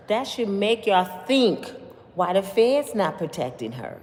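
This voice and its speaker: A woman delivers opinionated commentary in an emphatic, preachy way, with constant rhetorical questions to her viewers. Her pitch swings widely. The voice carries a long, roomy reverb over faint background noise. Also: very animated, measured pace, a little mellow. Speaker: commentary vlogger.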